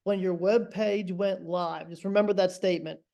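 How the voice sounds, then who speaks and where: High-voiced man hosting a call. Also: steady tone, gravelly, dark tone, highs cut off. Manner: halting, restarts with fillers. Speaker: podcast host. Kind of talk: casual interview over video call. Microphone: video call.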